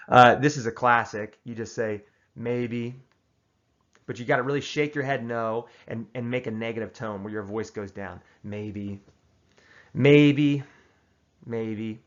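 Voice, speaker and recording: Speaking briskly with few pauses, a man with a mid-range voice runs a casual comedy advice monologue, giving tongue-in-cheek tips with deadpan mock seriousness and frequent restarts. The recording is lo-fi.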